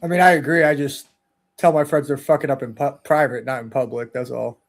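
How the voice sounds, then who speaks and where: A man's voice: mid-range voice, fairly even intonation, brisk. A man in a casual debate, speaking bluntly and swearing.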